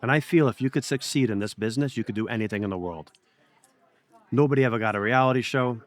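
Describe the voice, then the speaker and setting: A man's voice: mid-range voice, fast, no echo. A man, a pizzeria owner telling blunt, profane stories in a casual interview. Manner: blunt, swears freely, animated storyteller.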